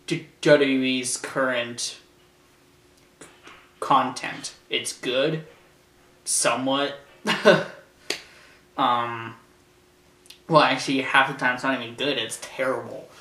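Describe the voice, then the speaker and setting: A show host gives a casual spoken review of a wrestling event in a medium-pitched voice, rambling and hesitant with lots of fillers and restarts. When retelling the action, he bursts into loud, shouted impressions. The recording is roomy and distant from the mic, with faint noise.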